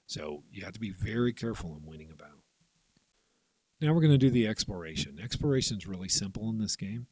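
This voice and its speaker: A man with a low, slightly husky voice explains a tabletop game turn by turn. He keeps it conversational and now and then voices the players' choices in quick asides. The sound is close and dry. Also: animated, darkish tone, no room sound, low-quality recording. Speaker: board game teacher. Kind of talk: tabletop game rules walkthrough.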